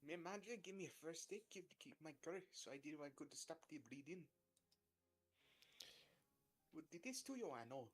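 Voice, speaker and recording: A man's voice: fairly high pitch, animated, fast talker, husky, soft background music, pitched above the performer's own voice. A man voicing a caring, fierce young Latina woman who mixes Spanish words into her English, in a fan story read aloud. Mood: concerned.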